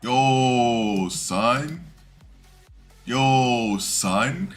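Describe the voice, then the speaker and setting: A man putting on a New York accent to play a brash mid-nineties street guy who loudly calls everyone son, over faint background music. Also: mid-range voice, expressive, extremely slow, pitched above the performer's own voice. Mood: swaggering. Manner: loud and swaggering, calling everyone son.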